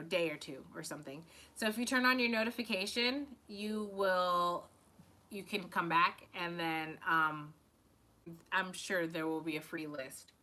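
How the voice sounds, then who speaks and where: A woman's voice: medium pitch, sharp tone. A woman tarot reader hosting a live stream, talking loosely and casually with lots of fillers, swearing and laughing often.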